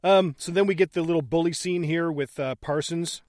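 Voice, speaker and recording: Male podcast co-host, slightly high voice, jokey and animated, dry close mic. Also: normal speed, no room sound. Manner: animated, laughs often, crude jokes. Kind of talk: casual film commentary chat.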